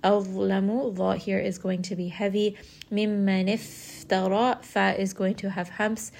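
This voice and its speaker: Patient woman teaching recitation, gravelly voice. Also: mid-range voice, little pitch movement. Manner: patient, explains slowly and models sounds. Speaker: tajweed teacher. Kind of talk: step-by-step recitation lesson.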